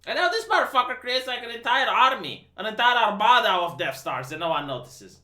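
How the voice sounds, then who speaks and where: Animated, incredulous man ranting profanely. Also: very high-pitched, fairly quick. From Romania. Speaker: livestream host. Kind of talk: casual movie rant. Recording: roomy echo.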